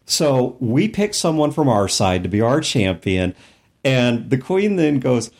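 A middle-aged man with a slightly gravelly voice, casually telling a tabletop game story with lots of laughter. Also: medium pitch, unhurried. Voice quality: gravelly from old throat damage. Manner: animated, laughing often, voice jumping up when excited.

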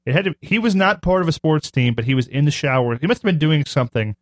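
A man co-hosting a podcast, chatting casually and acting out quotes loudly as he tells stories. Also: a little high, fast talker, no echo, studio quality. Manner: animated storyteller, acts out quotes loudly. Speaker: podcast co-host. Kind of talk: casual banter.

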